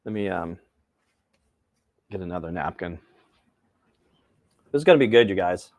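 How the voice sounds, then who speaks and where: A man's voice: fairly low pitch, a bit bright, a little hiss or hum. A man hosting a casual cooking livestream, chatting and rambling to his viewers while he cooks outdoors. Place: outdoors by a pizza oven.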